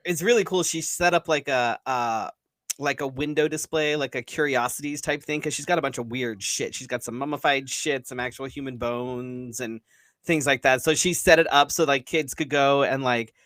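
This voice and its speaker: A man's voice: medium pitch, moderate pace, fairly bright tone, no room sound. A man co-hosting a casual live-stream chat show, telling stories in a laid-back way with frequent fillers and mild swearing. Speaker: co-host.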